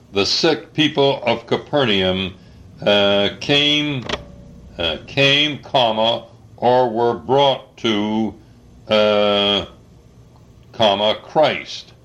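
An older man dictating an article slowly, saying the punctuation aloud, spelling out words, pausing often with uhs. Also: medium pitch, a bit bright, lo-fi sound. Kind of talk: slow dictation with spoken punctuation.

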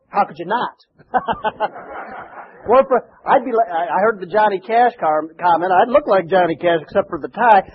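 A man's voice: high-pitched, a little hiss or hum. A male pastor preaching a sermon in a conversational way, often asking rhetorical questions and repeating words. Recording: dull lo-fi church recording.

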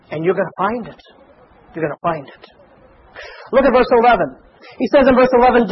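A man's voice: sits high, dull audio, a little hiss or hum. A middle-aged man preaching a sermon, asking the listeners rhetorical questions and stressing his points. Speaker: pastor.

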